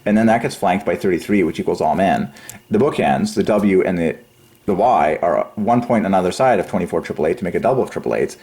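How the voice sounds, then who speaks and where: A man hosting a religious channel, rambling through a numerology monologue, excitable and giggly, then dropping to low quiet mumbling while he counts. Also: quick pace. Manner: giggly, excitable, breaks into high laughs. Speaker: religious YouTube channel host.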